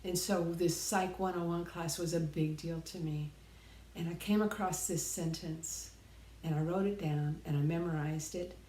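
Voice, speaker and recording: Middle-aged woman, earnest reflective talk, lowish voice, echoey room. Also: steady tone, moderate pace, dark tone. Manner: earnest, rises to emphatic repetition. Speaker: speaker sharing life lessons.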